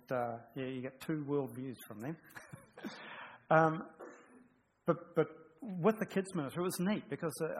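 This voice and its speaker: A man's voice: mid-range voice, rough recording. A man, a pastor, preaching a sermon in a chatty, humorous way, often restarting his sentences.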